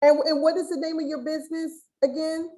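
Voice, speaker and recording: A woman hosting a casual webinar interview on a video call. Her voice sits a little high with a soft, mellow tone. She talks in a rambling, chatty way, full of restarts. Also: level tone, fairly quick, rough recording. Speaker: host.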